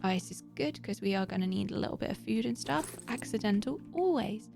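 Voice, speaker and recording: Female streamer, chatty and direct with viewers, voice with a fry edge. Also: medium pitch, animated, a little fast, over music. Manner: chatty, talks straight to viewers. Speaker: live streamer. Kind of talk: casual gaming stream chat.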